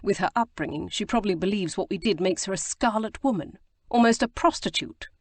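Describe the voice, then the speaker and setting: A woman reading an audiobook, voicing an agitated, guilt-stricken young gentleman who bursts into exclamations. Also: medium pitch, brisk, dry recording, close to an everyday voice. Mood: distraught. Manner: distraught, exclamatory outbursts. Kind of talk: audiobook character voice.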